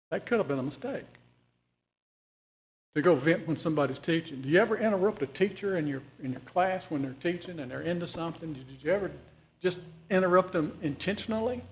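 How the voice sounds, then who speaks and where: Man teaching a Bible study. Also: high voice. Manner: conversational, asks the class questions, folksy.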